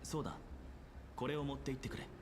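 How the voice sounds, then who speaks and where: A man's voice: medium pitch, fairly even intonation, rapid-fire, natural voice. A man voicing a stern male warrior in a video game, blunt and curt, heard as noisy game audio. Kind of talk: Japanese game voice acting.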